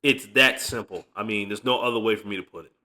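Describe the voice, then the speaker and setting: Man, casual reaction host, bright edgy tone, slangy and laid-back. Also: on the low side, fast talker.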